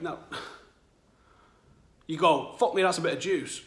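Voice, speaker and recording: A man's voice: fairly high pitch, unhurried, long pauses, reverberant. A man hosting a football channel, talking candidly to his audience from home and swearing freely. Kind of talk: casual monologue to camera. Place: at home, new flat.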